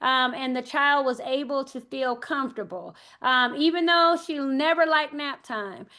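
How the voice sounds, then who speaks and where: A woman's voice: high-pitched, measured pace, sharp tone. An older woman, an early childhood educator, giving a parent workshop talk, hesitant and thinking aloud as she tells anecdotes.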